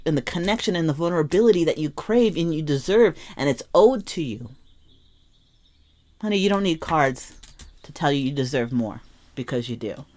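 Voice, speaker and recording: A woman's voice: lowish voice, a little mellow. A young woman reading tarot cards to camera, sometimes muttering to herself, sometimes urging her listeners with strong emotion. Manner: emphatic, emotional, swings from muttering to impassioned urging. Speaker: tarot reader.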